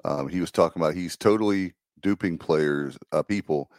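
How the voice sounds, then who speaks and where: Man from New Jersey, very low voice, laid-back sports co-host, dry mic. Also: moderate pace, darkish tone, no echo. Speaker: sports talk show co-host. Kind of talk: casual sports chat.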